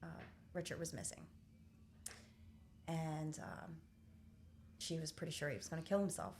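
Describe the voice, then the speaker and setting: A middle-aged woman telling a painful family story candidly, pausing often with fillers. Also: sits low, gravelly, a little mellow, a little hiss or hum. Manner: candid, halting with many fillers. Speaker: podcast host. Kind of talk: personal storytelling in conversation.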